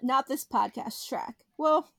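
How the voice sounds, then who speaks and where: Young woman on a podcast, highish voice, giggly, dry close mic. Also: slow, creaky, dry recording. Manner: laughs often, giggly and animated storytelling. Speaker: podcast co-host. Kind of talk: casual chat.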